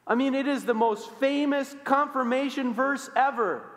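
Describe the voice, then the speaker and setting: A male pastor preaching a sermon in a church, swinging between loud emphasis and hushed, quiet lines. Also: very high-pitched, normal speed, hardly any pauses, in a large hall. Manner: expressive, swings from loud to hushed, acts out quoted voices. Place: church sanctuary.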